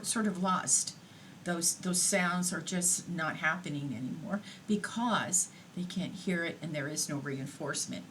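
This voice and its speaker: A woman giving a recorded lecture in an unhurried, explanatory way, pausing on fillers now and then. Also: deep voice, a bit bright, slight background noise, low-quality recording.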